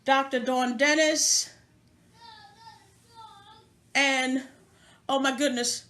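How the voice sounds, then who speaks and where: A woman from New York City hosts a home live video stream, talking casually to viewers over a tablet microphone and laughing a lot. Her medium-pitched voice is fairly bright and a little slow.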